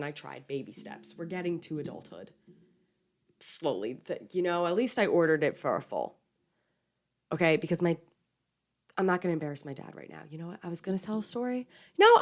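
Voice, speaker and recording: Young woman podcast host, casual and self-deprecating, slightly lower pitch, fighting a small cold. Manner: chatty, self-mocking, lots of "okay?" and "like". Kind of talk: casual chat.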